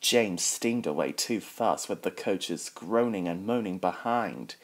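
A man reading a children's train story aloud, voicing all the characters in his own plain voice. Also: deep voice. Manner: reads every character in his own voice, slow and even.

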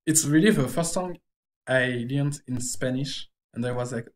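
French-accented streamer, casual drawing-stream chat, hesitant English, stops to find words. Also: mid-range voice. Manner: halting, searching for English words.

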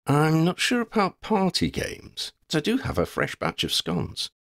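A man's voice: on the high side, huge pitch swings, unhurried, a bit bright, voice pushed up, heavily acted. A man voicing a cheerful grown woman who talks in a friendly, lightly teasing way.

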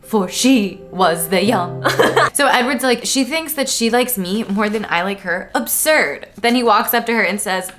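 A woman's voice: mid-range voice, unhurried, over music. A woman co-hosting a casual book club podcast. She giggles often and reads passages aloud with dramatic flair. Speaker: podcast co-host.

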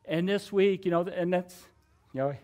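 A middle-aged man preaching a conversational sermon, sharing a personal testimony in an earnest, chatty way with many fillers and soft laughs. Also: high voice, normal speed.

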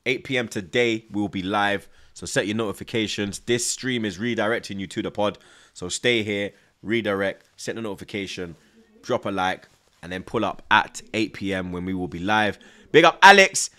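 A young man hosting a live football watchalong, excitable and repetitive, taunting rival fans. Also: fairly low pitch, moderate pace. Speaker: host of a football watchalong stream. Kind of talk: live fan reaction stream.

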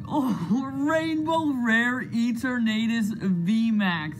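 A young man hosting a gaming channel, giving excitable, jokey let's-play commentary with loud outbursts. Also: sits high, takes it slowly. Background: game music.

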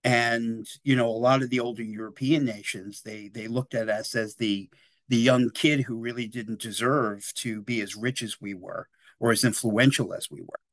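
A man in his sixties gives a relaxed history lecture, talking in a chatty, digressive way. He keeps tagging his points with quick check-ins to the room, and his voice sits at a medium pitch. The sound is dry and close, with little room echo. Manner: chatty and digressive, often tags "right?" and "you know".

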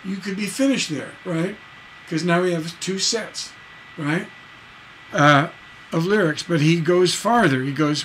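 Slow, halting man teaching songwriting. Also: high voice, a bit bright, slight background noise, low-quality recording. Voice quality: halting, many fillers and restarts. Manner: talks lyrics through slowly, counting beats aloud. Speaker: songwriting instructor. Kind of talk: livestream songwriting lesson.

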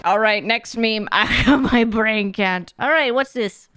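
A woman's voice: a little high, slow pace. A young woman streamer reacting to memes, laughing often and swearing casually.

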